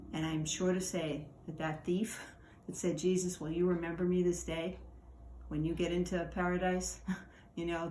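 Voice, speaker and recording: Low-voiced woman giving a relaxed devotional. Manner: conversational, halting with fillers and restarts. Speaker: church leader giving a devotional. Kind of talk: informal devotional talk with scripture reading. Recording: echoey room, faint background noise.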